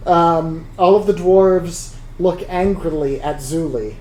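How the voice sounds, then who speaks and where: Slow, animated game master in echoey room. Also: mid-range voice. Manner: relaxed, hesitant narration with many fillers. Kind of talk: narrating a tabletop game. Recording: echoey room with faint noise.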